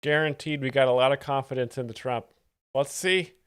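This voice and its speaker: A man hosting a live stream, commenting on comedy clips in a deadpan, sarcastic manner. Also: mid-range voice, a little fast, clean tone. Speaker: stream host explaining jokes.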